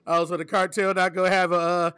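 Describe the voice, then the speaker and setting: A man hosting a podcast in relaxed casual chat, laughing often and using easygoing slang. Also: sits high, fast talker, smooth, dry recording, clean studio sound. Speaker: podcast host.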